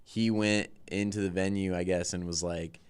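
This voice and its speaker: A man's voice: low-pitched, fairly even intonation, moderate pace, clear, resonant tone. A man, a band's guitarist and singer, telling tour stories in a casual, rambling way, swearing often. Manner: rambling, swears a lot, lots of "like". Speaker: band guitarist and vocalist, guest.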